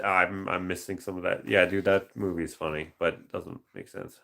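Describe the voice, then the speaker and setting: A Canadian painter chats casually on a live stream, thinking aloud about viewer suggestions and dropping into quick movie-quote voices. His voice is low, steady, creaky, and sharp in tone.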